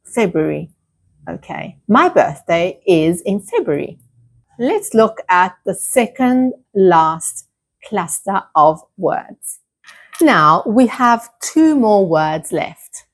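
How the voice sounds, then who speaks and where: A woman's voice: medium pitch, very animated. A woman with an Italian accent teaching an online English pronunciation lesson, carefully repeating each word for practice. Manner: slow, deliberate, repeats words for practice.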